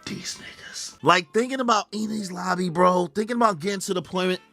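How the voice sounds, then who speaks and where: A man hosting casual reaction commentary, excitable and slangy, who often acts out character voices. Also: high-pitched, brisk, creaky, faint music behind. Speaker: host.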